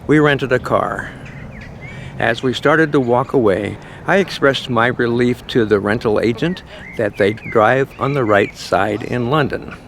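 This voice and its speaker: A man's voice: mid-range voice, a little slow, vocal fry, slight background noise. An older man telling the story of his trip in a chatty, self-deprecating travel vlog. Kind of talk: casual travel vlog narration. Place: partly outdoors in a city.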